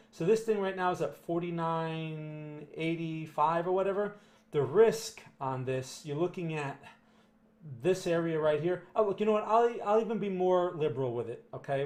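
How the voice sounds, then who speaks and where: A man's voice: fairly high pitch, darkish tone. A man with a New Jersey accent giving blunt, emphatic live chart commentary to viewers, often tagging "right?" and "okay?" onto his points. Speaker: market analyst answering viewer questions.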